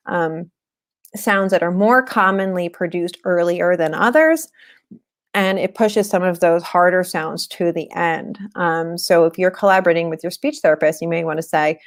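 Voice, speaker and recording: A woman in her thirties explains things in a loose, conversational teaching style, full of "um" and "you know". Her voice sits a little lower than most women's. It sounds like a talk given over a computer mic in a webinar. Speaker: webinar presenter on teaching reading. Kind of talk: casual instructional talk.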